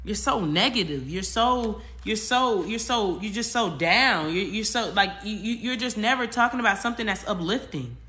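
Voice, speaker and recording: Woman host, casual livestream, bright forceful tone, repeats herself for emphasis. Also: medium pitch, lively intonation, normal speed, few pauses. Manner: emphatic, repetitive, talks straight at the audience; casual slang and swearing. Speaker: spiritual coach and astrology livestream host. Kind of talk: casual livestream talk to viewers.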